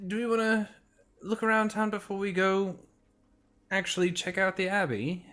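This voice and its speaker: A man's voice: high-pitched, steady tone, a little slow, fairly bright tone. A man speaking casually as a player in a tabletop game.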